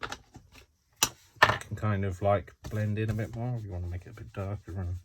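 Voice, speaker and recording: Deep-voiced chatty man crafting. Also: fairly even intonation, normal speed, noisy background. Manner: chatty, rambling, self-talking while working. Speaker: craft tutorial host. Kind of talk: casual crafting tutorial.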